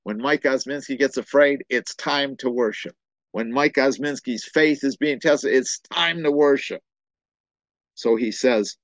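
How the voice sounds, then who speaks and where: Impassioned pastor with a low, dry voice. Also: male voice, a little slow, no echo, muffled recording. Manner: impassioned, repeats words while building emphasis. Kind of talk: sermon.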